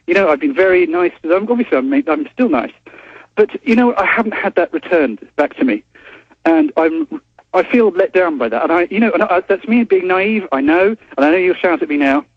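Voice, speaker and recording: A man's voice: high voice, animated, a little fast, dry recording. An English man, a journalist calling in as a guest, speaking politely with many hesitant restarts. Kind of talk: phone-in interview. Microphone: telephone. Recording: dull phone line.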